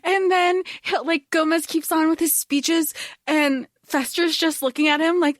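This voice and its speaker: A woman's voice: sits high, sing-song, unhurried, dry recording, clean studio sound. A young woman co-hosting a podcast, chatting casually about a film, laughing often and swearing freely. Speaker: podcast co-host. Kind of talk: casual chat.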